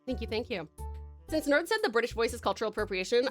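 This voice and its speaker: A woman's voice: on the high side, animated, quick pace, faint music behind. A young woman streamer chatting casually as she reads viewer comments, laughing often and talking with lots of fillers. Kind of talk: casual live-stream chat, reading comments.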